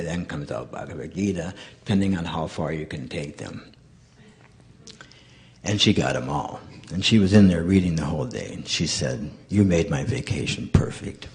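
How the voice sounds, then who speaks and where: A middle-aged man giving a storytelling lecture as a visiting monk, acting out the dialogue of his stories. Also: sits low. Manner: animated, acts out dialogue.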